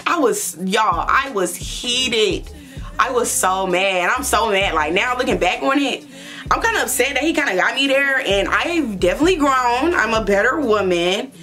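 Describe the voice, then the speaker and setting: Young woman vlogger, high lively voice, bright tone, blunt and profane, faint music behind. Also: moderate pace. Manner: animated, blunt and profane, laughs often. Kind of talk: storytime chat.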